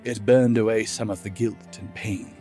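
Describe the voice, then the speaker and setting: A man reading fantasy fiction aloud as narrator, in measured, steady storytelling. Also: fairly low pitch, soft background music. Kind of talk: scripted narration.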